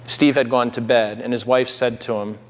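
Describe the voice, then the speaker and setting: A man's voice: mid-range voice, fairly even intonation, moderate pace. Male preacher in a reverberant hall. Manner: conversational, with asides to the congregation. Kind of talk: sermon. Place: church sanctuary.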